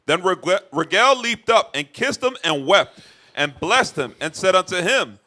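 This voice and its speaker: Bright, high-voiced man reading scripture. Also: unhurried. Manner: steady, plain reading of archaic verses. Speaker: scripture reader.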